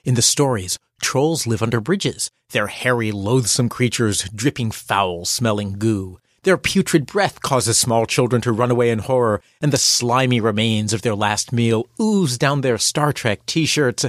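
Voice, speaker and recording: A man's voice: medium pitch, lively intonation, measured pace, few pauses, no echo, studio quality. A man coaching and hosting a scripted podcast, in a wry, playful manner. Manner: wry, playful, acts out quoted voices. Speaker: executive coach and host.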